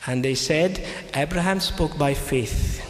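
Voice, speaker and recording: A man's voice: a little high, slow pace, slight background noise. A man giving a lecture as a Christian speaker, retelling scripture, repeating his key phrases and speaking English with non-native phrasing. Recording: echoey hall with faint ambience.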